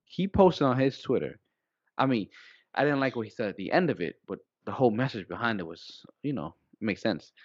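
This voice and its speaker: A man co-hosting a small podcast, talking casually and rambling, getting animated when he quotes people. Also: medium pitch, fairly quick, dry recording, muffled recording. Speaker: podcast co-host.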